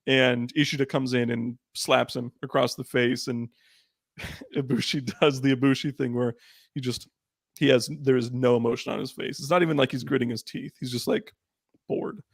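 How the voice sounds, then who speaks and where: A man co-hosting a podcast, recapping matches in quick run-downs and laughing often in casual chat. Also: mid-range voice, fairly even intonation, creaky, no echo. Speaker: podcast co-host.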